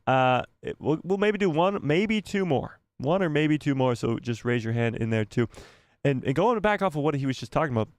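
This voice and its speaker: A man's voice: on the high side, lively intonation, fairly quick, few pauses, no echo. Man, live-stream host, casual chat, joking, rambling, dry close sound. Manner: joking, rambling, laughs often. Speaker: livestream host.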